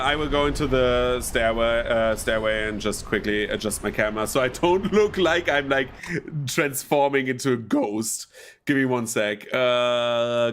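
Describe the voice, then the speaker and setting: A man's voice: mid-range voice, a bit bright, slight background noise. A man with a German first language chatting casually while playing a game, swearing and laughing often. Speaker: streamer. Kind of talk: casual gameplay commentary.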